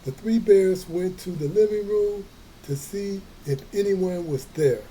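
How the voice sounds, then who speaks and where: A man reading a children's story aloud, slow and folksy, with playful chatty asides. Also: sits high, warm tone, a little hiss or hum, poor audio. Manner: slow, folksy, adds playful comments to listeners.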